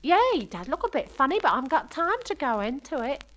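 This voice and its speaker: A woman's voice: high voice, big pitch swings, fairly quick, a bit bright, voice pushed up, poor audio. A woman playing a chatty young working-class woman who tells a comic story in broken, slangy grammar. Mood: gossipy. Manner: ungrammatical cockney-style chatter, "we done", "I says". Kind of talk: comic monologue.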